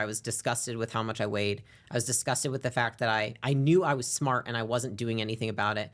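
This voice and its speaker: A young adult woman, a podcast guest, frankly telling a personal story, reflective, sometimes rushing and sometimes dropping quiet. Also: very deep voice. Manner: frank and reflective, often speeding up and trailing off quietly. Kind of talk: candid personal story in an interview.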